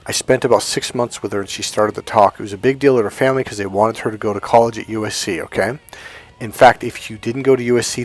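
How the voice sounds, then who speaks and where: A middle-aged man, a dating coach, tells a personal story to his viewers. He swings from loud bursts to low, quiet asides and swears freely.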